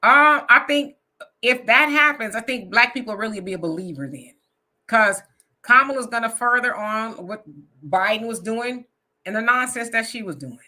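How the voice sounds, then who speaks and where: A woman hosting a live online talk show in a bright, clear voice. She talks frankly in a loose, casual way and reads out viewer comments. Her laugh comes easily and often. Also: a little high, normal speed.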